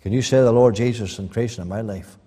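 A man preaching a sermon, swinging between loud rising appeals and quiet, earnest asides. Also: on the low side, fast talker, husky. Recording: long hall reverb.

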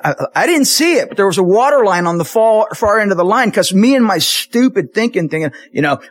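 In a church sanctuary, a pastor preaches a sermon in a slightly raised, husky voice whose pitch rises and falls widely. Brisk with few pauses, he jumps between serious points and jokey asides, stumbling and restarting in animated storytelling.

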